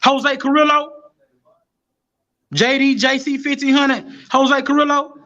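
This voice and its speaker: A man telling profane, animated street stories as a guest on a live stream. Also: very high-pitched, measured pace, highs cut off. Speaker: guest rapper. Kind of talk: casual storytelling on a live stream.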